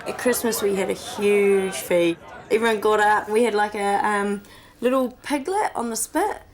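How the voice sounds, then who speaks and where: A woman's voice: medium pitch, moderate pace, rough recording. Chatty young New woman amid crowd noise. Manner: casual, chatty, lots of fillers. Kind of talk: interview.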